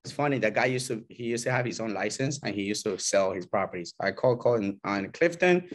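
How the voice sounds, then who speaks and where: A man's voice: fairly low pitch, fairly quick. A man, a working realtor, coaching other agents in a loose, chatty way, acting out what clients and agents say and often checking in with "right?" and "you know?". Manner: animated, acts out client and agent quotes. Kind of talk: casual coaching talk to a small group.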